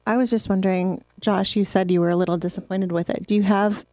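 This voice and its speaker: A woman's voice: medium pitch, steady tone, fast, a little mellow, no room sound. A woman co-hosting a casual chat, asking curious questions. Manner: inquisitive. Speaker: podcast co-host.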